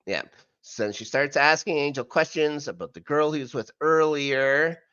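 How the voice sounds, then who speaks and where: A man's voice: fairly high pitch, normal speed, pushed and bright, clear, resonant tone, no room sound, lo-fi sound. A man co-hosting a podcast, recapping an episode in a casual, rambling way with many fillers and asides. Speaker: podcast co-host. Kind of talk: casual rewatch recap chat.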